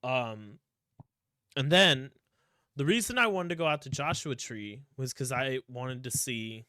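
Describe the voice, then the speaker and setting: A young man from Ohio co-hosts a podcast, telling rambling stories in casual chat and swearing frequently. His medium-pitched voice is expressive, unhurried and sharp-toned. The studio recording is clean, with no room sound.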